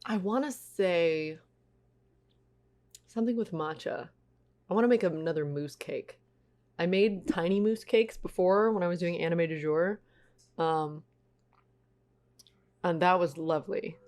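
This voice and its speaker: A woman's voice: fairly low pitch, measured pace, pauses often, darkish tone. A woman streaming live, chatting casually and reading out viewers' messages. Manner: chatty, reads chat aloud.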